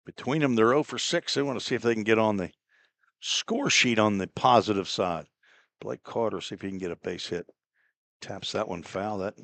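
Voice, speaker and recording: A man doing relaxed, chatty play-by-play commentary on a baseball game, with easygoing asides between pitches. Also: no room sound. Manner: relaxed, chatty, laughs at own slips. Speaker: play-by-play announcer.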